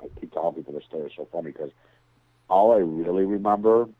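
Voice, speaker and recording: Low-voiced man on a tinny phone line. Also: fast talker, dry recording. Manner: rambling storyteller, swears, mimics others. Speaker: interview guest. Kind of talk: casual chat.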